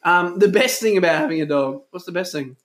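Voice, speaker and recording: A man's voice: high voice, fairly quick, a bit bright. A man hosting a church podcast, chatting casually, teasing his guest and laughing often. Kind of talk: casual chat.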